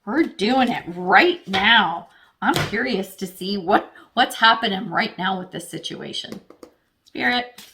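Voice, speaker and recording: A woman's voice: mid-range voice, lively intonation, slow pace, creaky, pushed and bright, slight background noise. A woman giving a casual tarot reading, who talks straight to the viewer, thinks aloud as she pulls cards and swears freely. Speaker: tarot reader.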